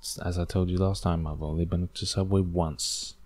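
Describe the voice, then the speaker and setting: A man's voice: low voice, steady tone, normal speed, a little mellow, dry recording. A man hosting a casual solo podcast, rambling and self-deprecating with lots of fillers, English not his first language. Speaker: podcast host.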